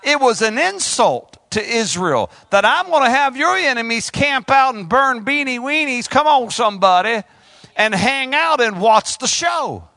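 A man's voice: very high voice, very animated, measured pace, pushed and bright, no room sound. A man preaching an impassioned sermon, calling out to his congregation.

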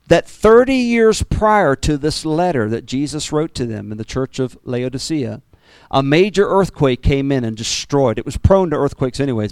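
Smooth-voiced man preaching with animated swings. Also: no room sound. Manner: animated preaching with jumps in pitch and repeated words. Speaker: pastor. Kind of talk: sermon.

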